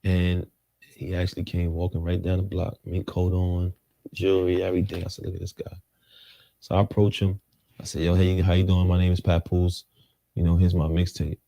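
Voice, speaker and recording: Man, rapper telling stories, slangy, voices jump in pitch, low voice, dry close mic. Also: monotone, normal speed, gravelly, warm tone, no echo. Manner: street slang, acts out quotes with jumps in pitch. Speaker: rapper, interview guest. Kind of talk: animated storytelling.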